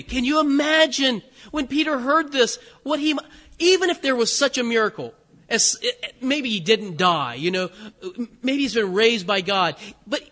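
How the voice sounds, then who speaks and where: A man preaching a sermon to a congregation in an animated, conversational way. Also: very high-pitched, unhurried. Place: church sanctuary. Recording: hall reverb.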